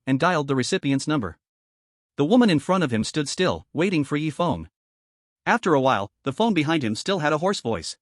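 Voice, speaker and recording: A man narrating a recap story in an even, read-aloud delivery. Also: on the high side, no echo, studio quality.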